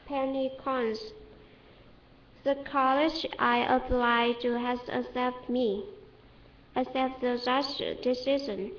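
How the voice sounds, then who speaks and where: A high-pitched woman with a Vietnamese accent slowly sounds out dictionary words and example sentences, repeating and correcting herself as she goes. She is recorded on a webcam in an echoey room, and the sound is dull and lo-fi. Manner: halting, repeats each word several times, self-corrects. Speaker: English learner. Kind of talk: reading dictionary entries aloud for pronunciation practice.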